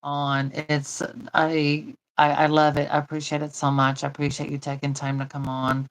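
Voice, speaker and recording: Woman host, low voice, chatty, casual demo talk. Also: completely flat delivery, normal speed, poor audio. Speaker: doll channel host. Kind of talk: casual chat while demonstrating.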